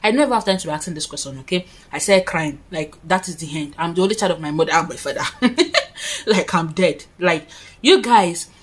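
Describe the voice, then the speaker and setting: A woman's voice: fairly low pitch, a little fast, slightly rough. Chatty woman telling a story. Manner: chatty, dramatic storytelling with frequent asides to viewers; doing her makeup while talking. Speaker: vlogger. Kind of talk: casual storytime. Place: her own room, indoors.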